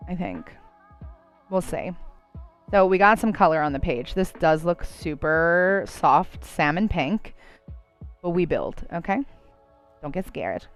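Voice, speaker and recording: A woman's voice: lowish voice, animated, slow, long pauses, faint music behind. A woman with a New Jersey accent, chatting casually and rambling while she draws on a live stream. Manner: chatty, rambling, many likes and you knows. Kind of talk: casual chat while drawing.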